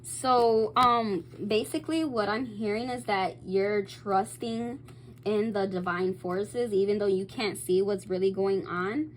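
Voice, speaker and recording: Excitable, swearing woman tarot reader. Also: mid-range voice, a little slow, slight background noise, low-quality recording. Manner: chatty, bursts into excited squeals, swears freely; reads card meanings aloud between loose slangy asides. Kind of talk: casual tarot reading to camera.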